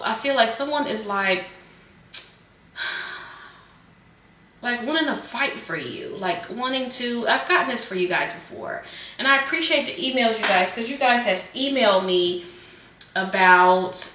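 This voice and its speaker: A woman giving a casual tarot reading in a bright, clear voice, talking in a loose, rambling way with plenty of fillers. She sits a little back from the mic, and the room around her rings with echo. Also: lowish voice, recorded from a distance. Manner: chatty, rambling, repeats phrases and fillers. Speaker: tarot reader.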